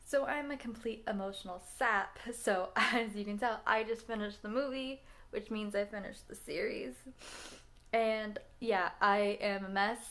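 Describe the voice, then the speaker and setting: A woman's voice: medium pitch, fairly bright tone. Rambling, giggly young woman. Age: 20s. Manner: chatty, laughs often, restarts and repeats herself. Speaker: vlogger reacting to films. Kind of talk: casual rambling chat.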